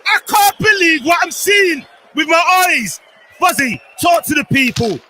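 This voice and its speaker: A man co-hosting a live fan watchalong stream, agitated and often shouting at the game as it unfolds. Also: very high-pitched, expressive, unhurried, a little hiss or hum. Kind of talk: live match watchalong chat.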